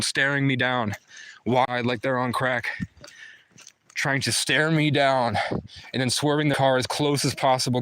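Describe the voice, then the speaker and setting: A man ranting to his viewers in an aggrieved, fast-flowing monologue. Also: mid-range voice, a bit bright, slight background noise. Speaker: vlogger. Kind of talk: agitated monologue to camera.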